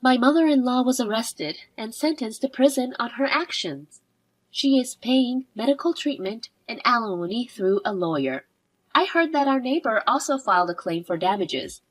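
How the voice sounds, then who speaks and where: Young woman narrating a drama story, high lively voice, kinda breathy, cold and cutting. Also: moderate pace, rough recording. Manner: cold and cutting toward her foe, calm in narration. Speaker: narrator and protagonist.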